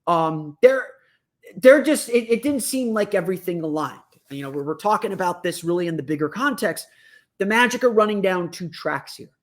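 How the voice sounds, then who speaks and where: High-voiced man hosting a sports podcast. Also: animated, moderate pace. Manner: thinking aloud, many restarts and fillers. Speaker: podcast host. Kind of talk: solo podcast analysis.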